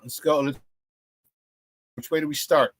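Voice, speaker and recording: A man hosting a casual morning sports radio show, talking with energetic, slangy hype. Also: on the high side, measured pace, very noisy.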